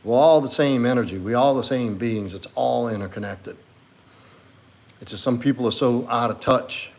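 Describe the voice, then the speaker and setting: A man's voice: medium pitch, moderate pace, a little mellow. A man hosting a casual livestream as a men's coach, reading viewer comments aloud and reflecting on them earnestly.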